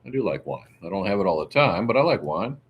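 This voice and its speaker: A man's voice: sits low, big pitch swings, quick pace, breathy edge, lo-fi sound. A man hosting a casual livestream, rambling through chat questions and answering them one by one. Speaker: livestream host.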